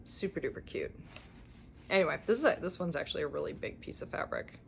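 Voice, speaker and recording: Her voice is low and gravelly with wildly swooping pitch, and she talks fast over slight background noise. The young Canadian cross-stitch host is doing a casual show-and-tell, chatty and effusive about what she bought, laughing and using lots of fillers.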